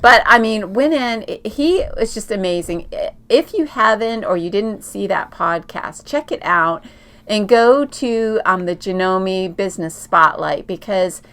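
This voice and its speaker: Unhurried, with a mid-range and fairly bright voice, this middle-aged quilting podcast co-host tells lengthy travel stories in relaxed chat. Her talk is loaded with fillers, and she often restarts her sentences.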